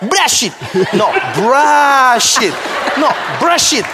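A man's voice: sits high, lively intonation, a little fast. A man playing a blunt Eastern European male tennis coach who talks in clipped broken English and repeats one instruction over and over. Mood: insistent.

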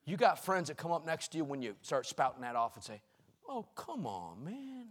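A middle-aged male preacher delivering a sermon, shouting rhythmic repeated lines and dropping to quiet storytelling. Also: fairly high pitch, animated, quick pace. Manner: swings between shouted exclamations and quiet storytelling; repetitive, rhythmic preaching cadence.

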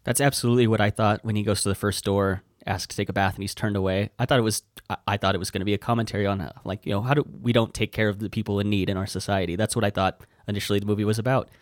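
Fairly low-voiced man chatting about film. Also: steady tone, no room sound, studio quality. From United States. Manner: agreeable, quick to laugh along. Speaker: podcast co-host. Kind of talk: casual film discussion.

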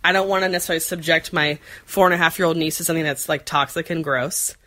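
A woman's voice: low voice, steady tone, fast talker, bright, forceful tone. A woman in her forties telling a rambling story in casual chat, full of fillers and playful put-on voices. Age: 40s. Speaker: podcast co-host.

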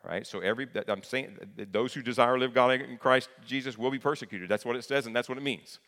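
A man's voice: mid-range voice, fast, fairly bright tone. A man preaching a sermon as pastor, conversational and plain-spoken, often repeating key phrases for emphasis. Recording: long hall reverb.

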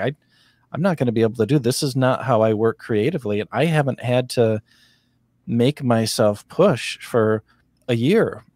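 A man's voice: mid-range voice, darkish tone, no room sound. A man hosting a casual chat, rambling and joking with lots of repetition.

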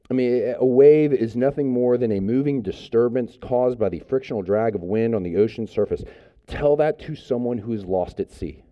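A man's voice: mid-range voice, moderate pace, warm tone, highs cut off. Conversational male pastor preaching a sermon. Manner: conversational, with many fillers and restarts.

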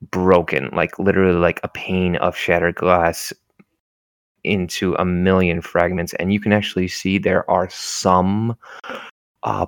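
A man narrating a tabletop game as game master, describing scenes in an unhurried way with many fillers. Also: low voice, no echo. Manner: unhurried, descriptive, full of fillers like "you know".

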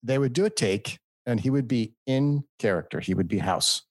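A man from the United States in casual chat, telling animated stories and mimicking voices. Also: medium pitch, moderate pace, no echo.

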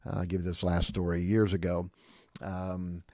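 Speaking a little slowly in a low-pitched voice, a pastor delivers an emphatic podcast monologue. He often asks "okay?" and performs quotes in animated voices. The studio recording is clean and dry.

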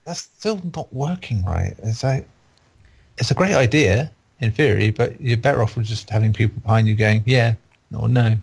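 Creaky, husky-voiced male game reviewer. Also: on the low side, normal speed. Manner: opinionated, rambling, critical. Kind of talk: casual chat.

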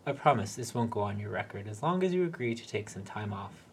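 A man's voice: on the low side, expressive, a little fast, slight background noise. A man voicing a male factory floor manager who coaxes and soothes. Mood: coaxing. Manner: soothing, coaxing.

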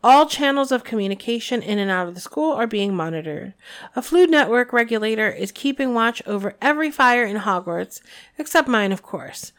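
A woman's voice: fairly high pitch, animated, moderate pace, fairly bright tone. A woman reading aloud, voicing a cruel, sweet-talking headmistress with prim, cold threats. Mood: sweetly menacing. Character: sugary, cruel, power-hungry headmistress.

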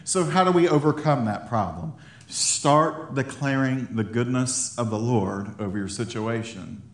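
A male pastor preaching a sermon in an animated way, laughing often and building up to excited emphasis. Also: mid-range voice, measured pace. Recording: roomy echo of a hall.

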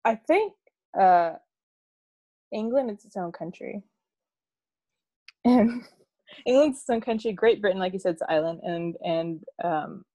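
A woman's voice: mid-range voice, measured pace, long pauses, warm tone, no room sound. A woman in casual conversation, chatty and laughing, with lots of fillers and restarts. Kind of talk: casual chat.

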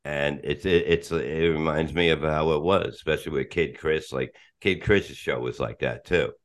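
A man's voice: extremely low pitch, fairly even intonation, normal speed. A middle-aged man chatting casually as a podcast guest, rambling and swearing, restarting sentences and laughing often.

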